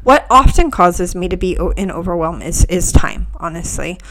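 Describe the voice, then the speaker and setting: A woman hosting a reflective spiritual podcast, talking softly and unhurriedly, often dropping to near whispers. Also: fairly low pitch, lively intonation, moderate pace, background noise. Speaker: podcast host.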